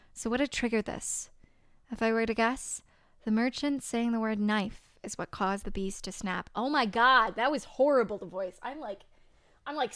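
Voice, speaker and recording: A young woman streamer reading a visual novel aloud and reacting expressively, her voice hoarse and strained. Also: fairly high pitch, no echo. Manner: expressive, reacts with laughs and exclamations.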